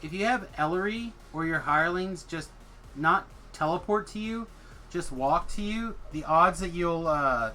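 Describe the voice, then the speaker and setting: A man's voice: on the high side, expressive, measured pace, sharp tone, slight background noise. A man streaming a game, telling a story in casual chat, swearing freely and acting out the people he quotes. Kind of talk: casual storytelling while gaming.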